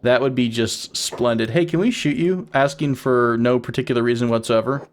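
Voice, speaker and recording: A man's voice: medium pitch, moderate pace. A young man giving playful, casual commentary on his game as the host of his gaming channel, laughing often with wheezing giggles.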